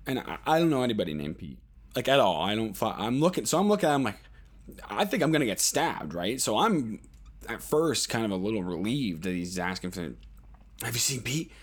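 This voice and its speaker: A man's voice: lowish voice, very animated, fairly quick, husky. A man hosting a podcast, telling a rambling, profane story in a casual monologue, full of fillers and acted-out quotes. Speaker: podcast host.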